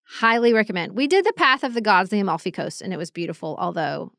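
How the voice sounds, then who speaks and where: Woman with a gravelly edge. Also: medium pitch, big pitch swings, fast, a bit bright, no echo, studio quality. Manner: chatty storyteller, mimics people she met. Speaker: podcast co-host. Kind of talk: casual chat.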